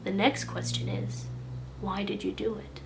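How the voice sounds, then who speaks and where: A woman voicing a calm, firm male doctor who speaks in a gentle, hushed tone. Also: mid-range voice, unhurried, creaky, noisy background. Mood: gently stern. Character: calm, stern middle-aged male doctor and caregiver.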